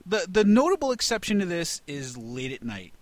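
A man co-hosting a casual chat, an animated storyteller who swears freely and laughs often. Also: sits high, moderate pace, no room sound. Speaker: podcast co-host.

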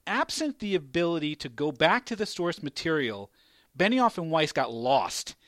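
A man hosting a casual chat, rambling and animated, swearing and laughing often. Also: on the high side, normal speed, no echo, studio quality.

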